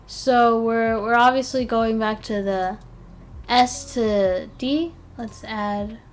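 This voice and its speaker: A woman's voice: a little high, steady tone, takes it slowly, slight background noise. A tired woman streaming casually, chatting and mumbling to herself as she works, with a self-deprecating manner. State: tired, yawning. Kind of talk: casual live-stream chat.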